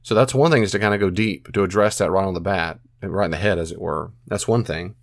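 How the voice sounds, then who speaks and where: A man's voice: deep voice, fast, vocal fry, dry recording, studio quality. A man giving earnest, casual advice as a podcast host, repeating phrases and acting out his own self-talk. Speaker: podcast host answering a listener.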